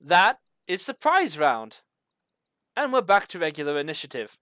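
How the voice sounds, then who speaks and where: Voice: mid-range voice, big pitch swings, moderate pace, fairly bright tone, clear, resonant tone, no echo. A game master running a tabletop game, describing the action in loose narration full of fillers.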